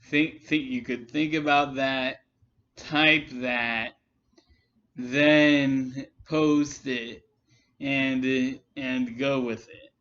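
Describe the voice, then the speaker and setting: A man's voice: mid-range voice, steady tone, a bit bright. Man, vlog rant, exasperated, many restarts, dull lo-fi recording. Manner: halting, repetitive restarts, exasperated. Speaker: commentary vlogger. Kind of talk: rambling response rant.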